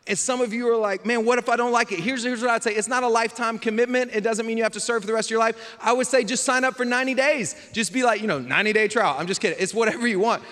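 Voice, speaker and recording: A man's voice: very high-pitched, quick pace, few pauses, a bit bright. A male pastor giving a sermon in a casual, conversational preaching style, often asking the congregation rhetorical questions. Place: church sanctuary. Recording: hall reverb from a live church service.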